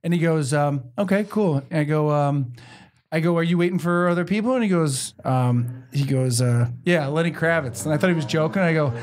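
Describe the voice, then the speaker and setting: A young man hosts a comedy podcast and races through his anecdotes. His voice sits a little high, and he plays out every line of dialogue himself. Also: a little mellow. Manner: fast storytelling, acts out quotes. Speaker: podcast host. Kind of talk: casual comedy chat.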